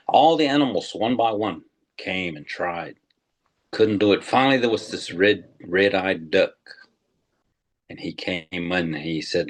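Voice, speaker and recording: Old guy telling an old legend, super deep voice, takes his time. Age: older. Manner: slow, deliberate, with pauses. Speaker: tribal historian. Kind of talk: storytelling talk.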